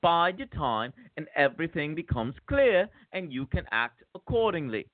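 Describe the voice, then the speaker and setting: A man's voice: a little high, big pitch swings, normal speed, no room sound. A man putting on a tough Cockney ex-con. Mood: menacing. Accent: Cockney (put on). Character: tough male Cockney ex-convict monologuing. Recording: tinny phone-like dry sound.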